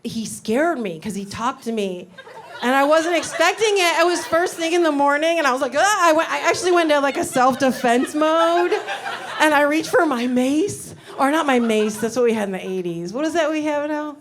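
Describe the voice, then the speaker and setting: A woman's voice: high-pitched, lively intonation, brisk. A middle-aged woman doing a stand-up comedy set in a club, wry and rambling with sudden indignant outbursts. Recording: live club recording with audience noise.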